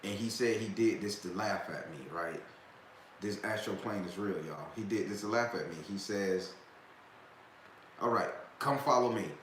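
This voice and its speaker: Low-voiced man telling a loose tale. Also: normal speed, fairly bright tone. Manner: loose, profane, laughs often. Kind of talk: casual storytelling. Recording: echoey room, faint background noise.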